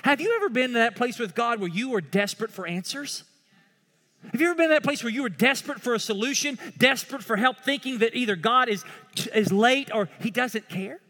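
A male pastor preaching a sermon with impassioned swings from loud pleading to hushed tones. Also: extremely high pitch, animated, brisk, big-room sound.

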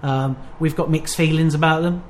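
A man co-hosting a podcast in casual, rambling chat, self-deprecating and quick to laugh. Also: a little high, steady tone, a little hiss or hum. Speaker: podcast co-host.

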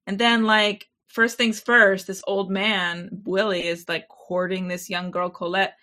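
A woman co-hosting a casual film review podcast, blunt and quick to laugh, swearing casually. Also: medium pitch, little pitch movement, sharp tone. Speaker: podcast co-host.

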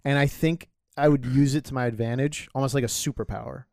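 A tipsy young man in a casual chat, laughing often and making crude, slangy dark jokes. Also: mid-range voice, fairly even intonation, fast talker, gravelly, no echo, studio quality. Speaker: podcast co-host.

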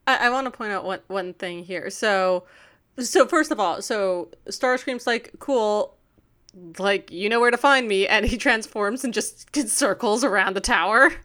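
A woman's voice: medium pitch, a little slow, fairly bright tone. A woman co-hosting a podcast who eagerly jumps in, adds details and corrects the recap in casual chat. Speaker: podcast co-host.

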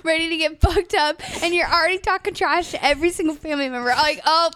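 A woman's voice: fast talker, a bit bright, dry recording. A young woman in her twenties co-hosting a casual chat, playful and profane, often mimicking people. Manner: playful, swears, mimics people in squeaky voices. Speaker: podcast co-host.

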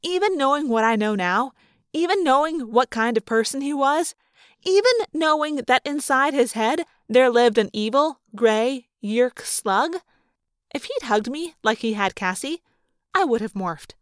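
A woman narrating a first-person audiobook in an expressive, lively way. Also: sits high, unhurried, clean tone, no room sound, clean studio sound. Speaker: audiobook reader.

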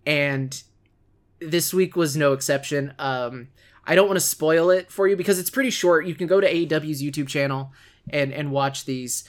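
A man hosting a wrestling podcast, chatting casually and joking with his co-host, talking fast and with enthusiasm. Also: a little high, fairly even intonation.

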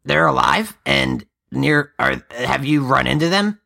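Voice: medium pitch, unhurried, gravelly, bright, forceful tone, no echo, studio quality. A player in a casual tabletop game who curses and restarts sentences. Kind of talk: tabletop role-play, casual.

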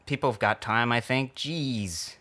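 A man's voice: mid-range voice, unhurried, sharp tone. A man co-hosting a podcast in casual chat, rambling and chatty, laughing easily. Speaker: podcast co-host.

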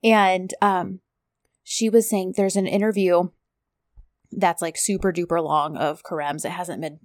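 A woman's voice: fairly low pitch, fairly even intonation, measured pace, no room sound, studio quality. A woman co-hosting a podcast in casual chat, talking easily with many fillers. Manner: chatty, lots of fillers and "like". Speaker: podcast co-host.

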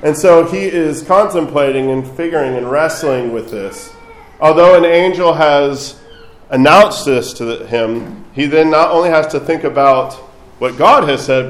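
A man's voice: fairly high pitch, roomy sound, poor audio. A man preaching a sermon as a priest, speaking conversationally and adding light asides.

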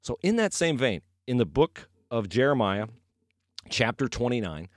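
A man's voice: mid-range voice, moderate pace, no echo, clean studio sound. A man hosting a podcast, talking casually and emphatically in a folksy way, moving from sports to faith. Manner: animated, folksy, emphatic repetition. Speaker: podcast host.

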